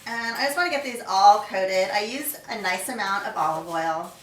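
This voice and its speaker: This casual home cooking video features a middle-aged woman chef who chats and narrates each step to herself as she works. She has a mid-range voice and a moderate pace, heard from far off in an echoey kitchen full of clattering dishes, clinking cutlery, and pots and pans.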